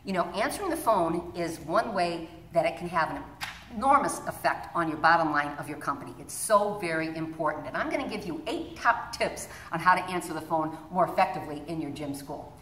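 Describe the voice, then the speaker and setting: Perky animated woman coach. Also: lowish voice, fairly quick. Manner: perky, animated, acts out phone greetings. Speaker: gym business coach. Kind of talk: instructional talk to camera. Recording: echoey room, mic at a distance.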